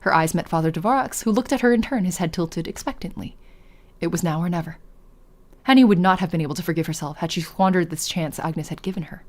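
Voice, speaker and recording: A woman's voice: on the low side, quick pace, darkish tone. A young woman streamer narrating a visual novel and chatting with her viewers, laughing often. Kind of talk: let's play narration and chat.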